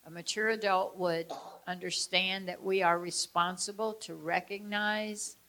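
A woman lecturing on traumatic memory, weaving in a story from her own life. Her pitch sits in an ordinary middle range, and she tells the story expressively. She swings between loud emphasis and quiet, hushed passages. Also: steady tone, measured pace. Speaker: speaker teaching about traumatic memory. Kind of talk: personal story within a lecture.

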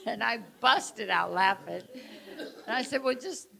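A woman leading a group session, telling lively stories and laughing often as she talks. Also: fairly high pitch, unhurried, gravelly. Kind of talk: storytelling talk to a group.

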